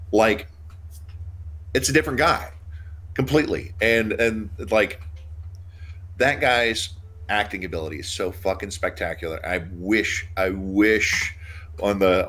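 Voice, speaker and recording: Deep-voiced man rambling on a podcast. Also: a bit bright. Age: 30s. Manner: rambling, restarts, laughs often. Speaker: podcast co-host. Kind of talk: casual chat.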